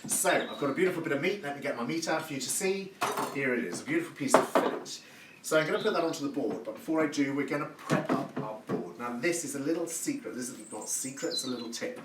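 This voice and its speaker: A man's voice: medium pitch, quick pace. A man hosting a live cooking demonstration from his kitchen, chatty and effusive and full of praise words. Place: home kitchen. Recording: echoey room, distant mic, background noise.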